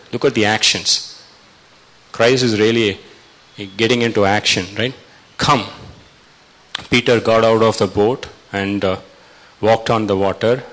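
A man preaching a sermon, retelling a scripture story and acting out the quotes with sudden loud rises. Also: lowish voice, low-quality recording.

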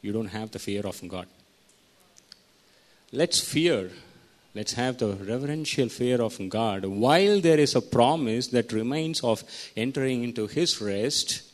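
A man's voice: mid-range voice, animated, measured pace. A man preaching a sermon, teaching verse by verse and putting questions to his listeners. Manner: teaching, asks the congregation questions.

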